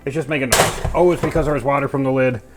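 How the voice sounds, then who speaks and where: A man speaks fast in a mid-range voice with a steady tone, casually narrating his home cooking. He is goofy and chatty about each step and uses lots of playful sound words. Music sounds clearly under his voice, and pans clatter in the background.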